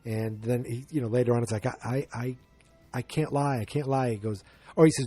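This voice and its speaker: A man's voice: mid-range voice, a little fast, dark tone, breathy edge, soft background music. Rambling man reviewing a movie. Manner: rambling, self-correcting, acts out quoted lines. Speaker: podcast host. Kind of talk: casual movie review monologue.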